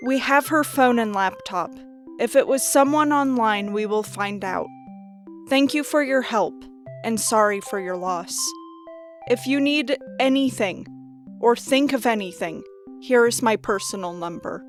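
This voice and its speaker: A man voicing a sharp, determined young woman detective with a dry, teasing edge. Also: very high voice, measured pace, soft background music, voice pushed up.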